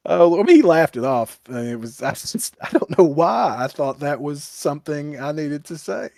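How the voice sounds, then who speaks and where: A man with a Kentucky accent chats on a podcast, rambling through anecdotes and poking fun at himself. His pitch is a bit high and very lively. The sound is dry and close. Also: moderate pace, vocal fry, no room sound. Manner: rambling anecdotes, self-mocking. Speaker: guest. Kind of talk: casual podcast chat.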